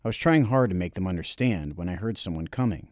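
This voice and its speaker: A man narrating a novel chapter for an audiobook, reading in a measured, expressive storytelling way. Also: low-pitched, no room sound, studio quality.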